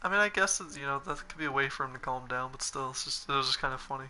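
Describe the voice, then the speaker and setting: Bright-voiced young man, stammering a bit. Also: mid-range voice, rapid-fire. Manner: hesitant, stammering storyteller. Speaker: co-player. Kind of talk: casual gameplay chat.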